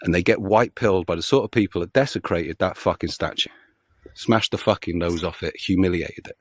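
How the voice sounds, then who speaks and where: A man ranting angrily as a political commentary vlogger, sweary and heated with loud outbursts. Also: low voice, a little fast, no room sound, clean studio sound. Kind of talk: angry profane rant.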